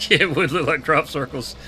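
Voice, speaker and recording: A man's voice: fairly high pitch, normal speed, sharp tone, a little hiss or hum. Laid-back laughing man. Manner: laid-back, laughing, drawling country talk. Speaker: streamer. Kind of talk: casual live gameplay chat.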